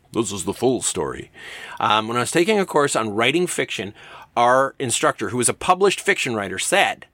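A man's voice: mid-range voice, bright, forceful tone, no room sound. A man giving a recorded lecture on writing, emphatic and playful as he explains his points. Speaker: writing instructor.

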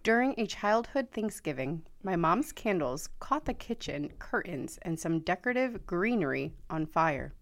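Animated woman podcast host. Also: fairly low pitch, moderate pace, hardly any pauses. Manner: expressive, reacts with laughs and exclamations. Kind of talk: casual chat.

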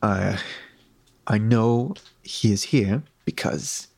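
A man's voice: lowish voice, slow pace, gravelly, a little mellow, breathy edge, no room sound, voice pushed down, full character voice. A man voicing a stern, weary woman officer in a tabletop game, threatening prisoners. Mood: exasperated.

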